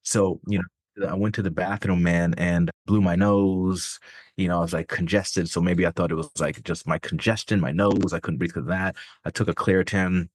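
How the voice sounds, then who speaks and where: A man with a very low voice, telling a personal story in loose, candid talk as a podcast guest. He swears freely and leans on "like" and "man". The sound is dry and close. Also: fairly even intonation, normal speed, dry recording. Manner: casual, profane, many fillers like "man" and "like".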